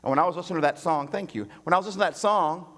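A man preaching from the pulpit, telling his story with animated swings between hushed, slow quoted lines and raised pleading. His voice sits fairly high for a man. The sound carries a long reverb, as in a large hall. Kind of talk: sermon storytelling.

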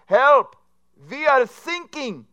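A man's voice: extremely high pitch, expressive, slow, highs cut off, pitched above the performer's own voice, exaggerated voice. A man putting on the voice of a panicking sailor calling for help over the radio as his ship sinks. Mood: panicked. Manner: shouting frantically.

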